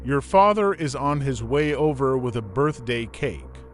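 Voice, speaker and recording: A man's voice: mid-range voice, animated, a little slow, lightly acted. Guy doing a mom in denial, defensive and pushy, faint hiss behind. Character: worried middle-aged mother in denial.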